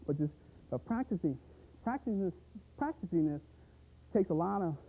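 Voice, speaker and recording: A man coaching boxing technique in an energetic, punchy way, full of sound effects and repeated catchphrases. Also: sits high, normal speed, slightly rough. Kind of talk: instructional pad-work demo. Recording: tinny, phone-like audio.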